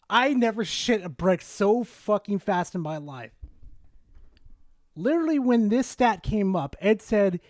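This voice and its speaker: Streamer ranting to chat, swears constantly, super animated, dead dry mic. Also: mid-range voice, no room sound. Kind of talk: casual storytelling to chat.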